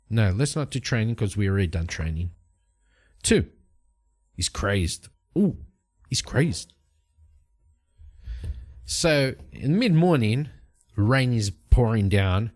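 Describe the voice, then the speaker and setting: Guy narrating his solo rpg, low voice, slow and thinking out loud as he rolls. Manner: musing aloud, rolling dice and checking tables as he goes. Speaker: host and solo game player. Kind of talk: narrating a solo tabletop game.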